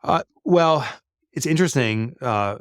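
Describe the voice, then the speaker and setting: A man's voice: medium pitch, animated, a little slow, no room sound. Chatty man with a dry sound. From United States. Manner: chatty, frequent fillers and restarts. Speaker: guest, business author. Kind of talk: conversational interview answers.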